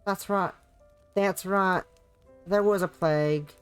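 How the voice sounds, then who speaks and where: A woman voicing a gentle young village hostess in a put-on Southern drawl, soft and serious. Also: on the low side, steady tone, slow, clear, resonant tone, faint music behind.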